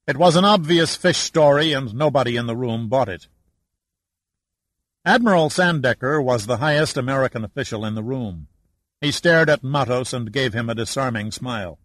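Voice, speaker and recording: A man's voice: medium pitch, no room sound, rough recording. Man reading an audiobook, dry and close. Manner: even, measured reading. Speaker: audiobook narrator. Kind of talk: scripted narration.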